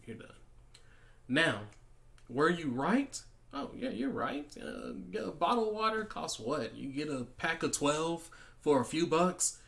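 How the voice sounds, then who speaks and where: A man's voice: on the high side, sing-song, a little slow, gravelly, a bit bright. A man talking through everyday advice in a casual monologue, restarting sentences and acting out example conversations. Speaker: podcast host.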